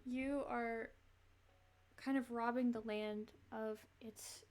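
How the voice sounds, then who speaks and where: Woman streamer rambling thru a farming game, laughs a lot, voice a bit high. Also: steady tone, takes it slowly, a little mellow. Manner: chatty, rambling, laughs between thoughts. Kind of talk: casual gameplay commentary.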